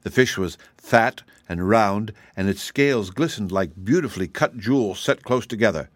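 A man narrating a children's fantasy audiobook in a steady, even reading. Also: lowish voice, normal speed, dry recording, clean studio sound.

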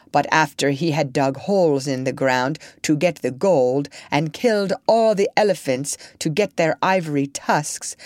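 A proud, commanding king from a storybook, as a woman reading aloud puts him on. The voice sits low and swings widely in pitch, sounding stern and haughty. The recording is close and dry. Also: no echo.

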